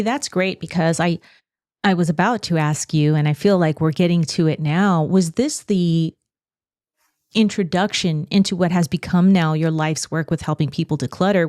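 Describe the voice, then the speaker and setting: A woman's voice: lowish voice, a little mellow, dry recording, clean studio sound. A woman hosting a podcast interview, asking thoughtful questions and rephrasing them as she goes. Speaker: podcast host.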